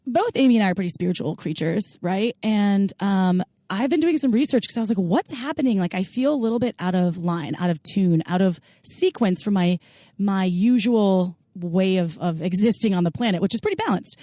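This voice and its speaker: A woman's voice: medium pitch, normal speed, warm tone, no echo, studio quality. A woman co-hosting a casual podcast, chatty and playful, filling her talk with "like". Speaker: podcast co-host.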